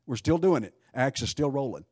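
A man's voice: medium pitch, animated, brisk, a little mellow, husky, no echo, studio quality. A man preaching a sermon, emphatic, asking rhetorical questions and often restarting his sentences.

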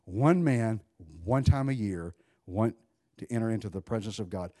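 A man preaching a sermon in an animated, conversational way, swinging between loud bursts and hushed asides while joking with his congregation. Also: lowish voice, moderate pace, no echo, clean studio sound. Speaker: pastor.

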